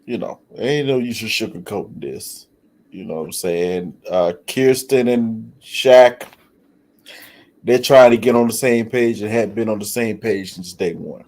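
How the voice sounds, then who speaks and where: A man's voice: lowish voice, unhurried, darkish tone. A man giving blunt, frank opinions as a panelist. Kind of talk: casual opinion commentary.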